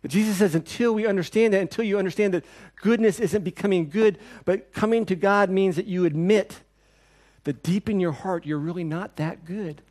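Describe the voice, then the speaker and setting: A pastor preaching a sermon in a church, with an earnest, repetitive cadence. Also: male voice, high voice, normal speed, a little mellow.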